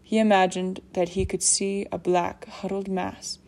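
With a medium-pitched voice, a woman narrates a novel as an audiobook, keeping her scripted storytelling steady and measured.

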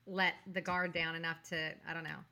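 A woman's voice: low-pitched, flat delivery, fairly quick, bright, forceful tone, a little hiss or hum. A woman co-hosting a movie review podcast, arguing her points emphatically in casual chat, with lots of "like" and "you know".

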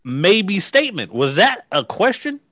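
Improv: male actor as a tyrannical boss, high and sharp, bullying and sarcastic. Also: big pitch swings, measured pace, dry recording, exaggerated voice. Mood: bossy. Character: bossy tyrannical male hardware-store boss. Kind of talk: improv comedy scene.

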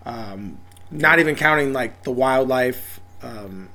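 A man's voice: mid-range voice, slow, pushed and bright. A man co-hosting a casual podcast, talking loosely with lots of fillers and the odd swear word. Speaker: podcast co-host. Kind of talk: casual chat. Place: home studio.

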